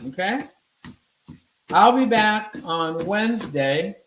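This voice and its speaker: A man's voice: high-pitched, animated, slow pace, a bit bright, echoey room, a little hiss or hum, low-quality recording. A man giving a casual cooking demonstration, talking to viewers as he cooks and answering his own questions. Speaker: cooking instructor. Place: home kitchen.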